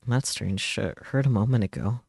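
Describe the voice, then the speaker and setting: A man reads a visual novel aloud for his stream in a low, brooding tone. His voice sits dry and close to the mic, and he leans into the drama of each line. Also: normal speed, vocal fry, darkish tone, husky, dry recording.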